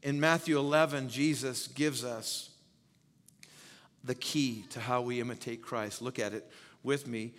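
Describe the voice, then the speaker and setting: A man's voice: mid-range voice, fairly even intonation, measured pace, a bit bright, big-room sound. A man preaching a sermon as pastor. He speaks emphatically, repeats key phrases and quizzes his listeners.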